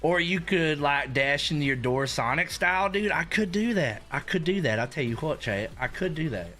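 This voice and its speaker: Hyped young male streamer, bright and lively. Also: a little high, moderate pace, faint music behind. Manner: hyped, rambling, filler-heavy. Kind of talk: casual live-stream chat.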